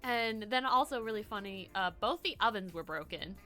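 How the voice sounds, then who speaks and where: A woman's voice: medium pitch, lively intonation, normal speed, sharp tone, soft background music. A young woman from the US East Coast, a streamer chatting casually, rambling with lots of "like" and swearing. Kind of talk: casual chat.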